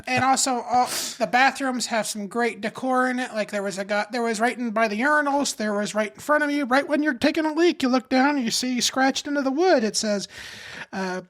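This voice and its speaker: A man, a guest comedian, chatting on a podcast, telling stories in an animated way with frequent laughs and filler words. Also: very high voice, fairly quick. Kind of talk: casual podcast chat.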